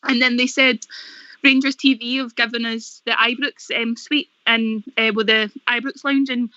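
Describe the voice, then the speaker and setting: A woman's voice: fairly high pitch, flat delivery, moderate pace, sharp tone, dry recording. A young Scottish woman, a singer guesting on a radio phone-in, telling stories in a bubbly way and laughing often. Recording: dull lo-fi radio sound.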